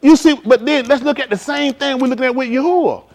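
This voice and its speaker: A man preaching in a casual, conversational style, swinging from quiet to loud and acting out conversations. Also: extremely high pitch, quick pace. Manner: animated, shifting between quiet and loud, acts out dialogue. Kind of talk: livestreamed sermon.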